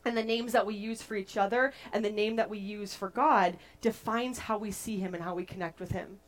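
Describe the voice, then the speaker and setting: A young adult woman preaching a casual, playful sermon to a group, chatty and animated as she tells stories. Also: mid-range voice, brisk.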